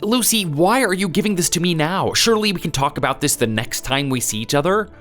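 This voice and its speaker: A man's voice: on the high side, animated, a bit bright, faint music behind. A man playing a flustered, evasive husband. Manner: hurried, pleading. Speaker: son, husband.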